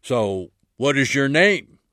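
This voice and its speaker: A man's voice: medium pitch, sing-song, slow pace, bright, forceful tone, no room sound, heavily acted. A man voices stern, suspicious border police firing short questions. The delivery is curt and probing, in a dry, close space.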